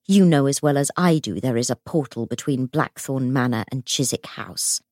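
A woman's voice: moderate pace, darkish tone, no room sound, studio quality. A woman voicing an enraged older noblewoman who hurls accusations at her brother. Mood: furious. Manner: shrill, furious.

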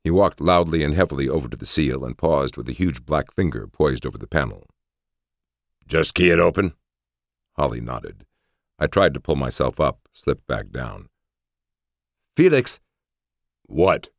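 A man narrating a story aloud in an expressive, lively reading. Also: very deep voice, normal speed, no echo, clean studio sound. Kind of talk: audiobook narration.

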